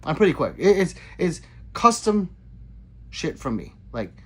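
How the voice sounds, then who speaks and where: A man's voice: on the high side, big pitch swings, a little slow, a bit bright, slightly rough. A man hosting a casual livestream, reading viewer chat aloud in a chatty, profane way. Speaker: livestream host.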